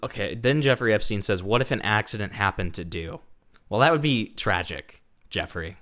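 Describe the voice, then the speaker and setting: Brief: lower-voiced male host making sarcastic, deadpan remarks over a clip. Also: moderate pace. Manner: dry, sarcastic asides. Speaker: commentary host. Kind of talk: reaction commentary.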